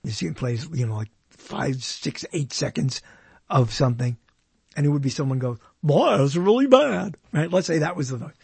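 Male host, husky voice, dry close sound, loose jokey delivery with frequent self-corrections. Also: mid-range voice, moderate pace, dry recording. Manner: jokey and rambling, corrects himself often. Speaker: host counting down badly reviewed movies. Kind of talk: casual solo commentary.

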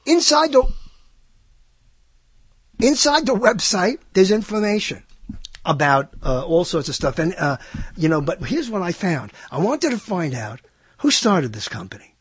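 Animated husky-voiced male radio host. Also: a little high, dry recording. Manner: animated storytelling, mock voices for others. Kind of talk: rambling monologue.

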